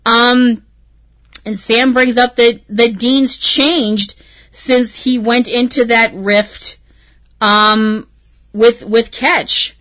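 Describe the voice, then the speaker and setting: A woman's voice: a little high, fairly even intonation, extremely slow, a bit bright. A woman hosting a fan podcast, giving a casual, emotional episode recap full of gushing and swearing. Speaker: podcast host.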